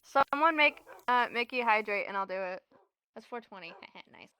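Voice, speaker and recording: Bright-voiced excitable young woman streamer. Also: a little high. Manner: chatty, excitable, quick to laugh. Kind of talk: casual gaming stream chat.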